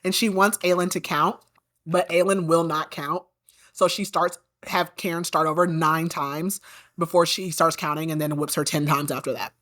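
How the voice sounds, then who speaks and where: Chatty woman with a lowish voice. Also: steady tone, moderate pace, fairly bright tone. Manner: chatty, peppered with "like"; indignant asides about characters. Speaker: podcast host. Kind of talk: casual book recap.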